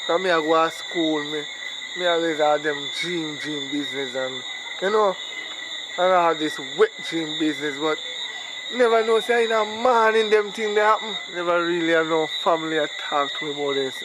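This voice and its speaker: An actor with a Jamaican accent playing a shy young man who confides his worries in a hesitant, halting way. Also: a little high, very noisy, lightly acted. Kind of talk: acted dialogue in patois.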